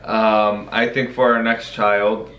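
A man's voice: lowish voice, flat delivery, slow pace, a bit bright, highs cut off. A young man talking earnestly about being a husband and father, often repeating his first words. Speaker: co-host, husband. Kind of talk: casual chat. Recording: echoey room with faint noise.

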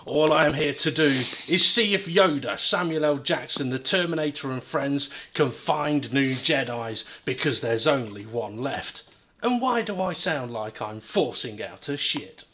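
A man's voice: mid-range voice, animated, a little slow, pushed and bright. A man hosting a podcast, reading a script aloud in a plain, amused announcing manner. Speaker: podcast host.

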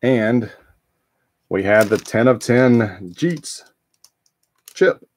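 Low-voiced guy rambling through a card break, lots of ums, dry close sound. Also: a little mellow, no room sound. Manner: rambling, chatty, many ums and restarts. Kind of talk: casual live card-break chat.

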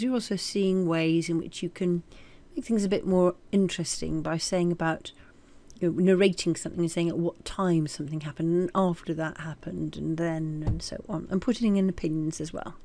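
Woman teaching French translations, slightly low. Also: darkish tone. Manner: reads French lines then translates and comments; self-correcting asides. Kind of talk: recorded language lesson.

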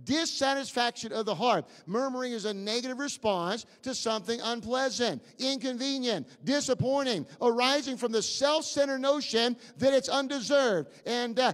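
A male pastor with a very high voice preaches in a church sanctuary, his words ringing in a long hall reverb. He quizzes the congregation, stumbles through fillers and restarts, and builds up to near shouts. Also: moderate pace, hardly any pauses. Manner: emphatic, questioning the congregation, rising to near shouts. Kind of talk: sermon.

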